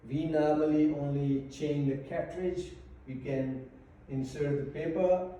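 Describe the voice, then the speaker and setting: A man's voice: on the high side, fairly even intonation, a little slow, warm tone, a little hiss or hum. Man teaching in an echoey room. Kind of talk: classroom lesson. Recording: echoey room, mic far off.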